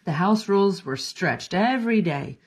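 A woman librarian giving an expressive, sing-song storytime read-aloud for children. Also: fairly low pitch, moderate pace, slight background noise.

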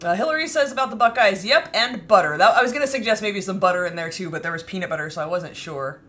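Giggly woman co-host, bright and animated, reading chat comments in a casual home vlog. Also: mid-range voice, fast, slight background noise. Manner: giggly, chatty, reads viewer comments aloud.

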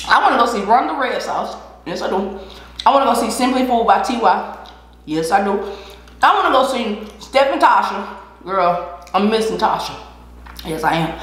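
A woman's voice: fairly high pitch, fairly bright tone. A woman chatting casually while eating on a mukbang vlog, laughing often and giving encouragement. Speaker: vlogger. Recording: echoey room.

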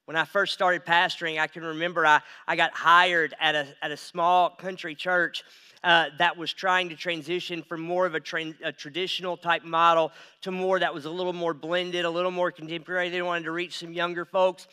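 A man in his thirties preaching a sermon from a church stage, dropping to hushed asides and then building to loud, emphatic runs. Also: a little high, level tone, moderate pace, clean tone. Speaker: pastor.

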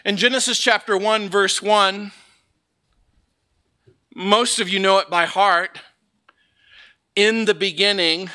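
Bright, lively man preaching a sermon. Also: high voice. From Southern California. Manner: joking, lively storytelling. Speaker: pastor. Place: church sanctuary.

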